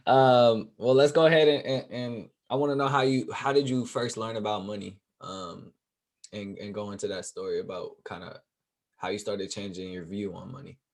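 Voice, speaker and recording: A man's voice: lowish voice, moderate pace. A man hosting a podcast, sounding a little tired, chatting casually and repeating his words. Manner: relaxed, repeats words, laughs often. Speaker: podcast host.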